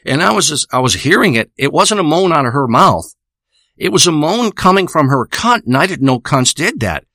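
A man's voice: fairly high pitch, sing-song, normal speed, pushed and bright, no room sound. A man delivering a rambling, profane, boastful spoken monologue into a close microphone. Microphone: close studio microphone.

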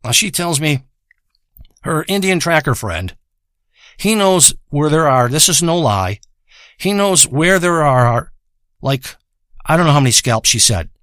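A man with a somewhat high voice holds forth in a rambling, foul-mouthed comic monologue. He swears freely and drifts from point to point, losing track of himself along the way. The sound is close and dry, with no room around it. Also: expressive, unhurried, long pauses, a bit bright, dry recording. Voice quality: profane, rambling, loses his thread. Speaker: storyteller. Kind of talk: rambling crude comedic monologue. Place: home in a rural area.

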